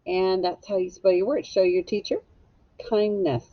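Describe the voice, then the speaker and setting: A woman's voice: medium pitch, fairly even intonation, moderate pace, no room sound, muffled recording. A woman teacher giving a phonics lesson to young children, patiently sounding out and spelling each word.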